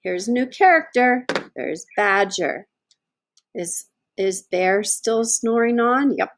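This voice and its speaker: A woman teacher reads a picture book aloud to young children in a slow, sing-song way. She stops often to point out words and ask simple questions. Her voice sits on the higher side. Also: expressive.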